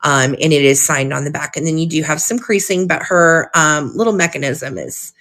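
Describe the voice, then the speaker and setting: This woman's low-pitched, somewhat bright voice moves at normal speed as she hosts a live vintage sale. Giggling often, she chats and gushes while reading old cards aloud.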